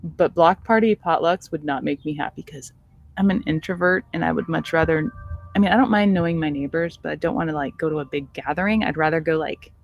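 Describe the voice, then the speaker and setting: A woman's voice: deep voice, slight background noise. A middle-aged American woman, a teacher, chatting casually to her students in a vlog, laughing easily as she tells stories. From suburban United States.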